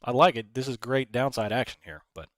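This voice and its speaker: A man's voice: mid-range voice, animated, brisk, no room sound. A man hosting a casual live stream, rambling, reading chat messages aloud and talking through his trades. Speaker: livestream host.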